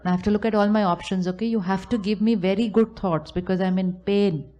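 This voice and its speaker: A woman's voice: medium pitch, steady tone, a little fast, mellow, dull audio, some chatter behind. A woman giving a spiritual talk to a live audience at a retreat center, acting out hurt inner thoughts in quoted asides. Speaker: spiritual teacher.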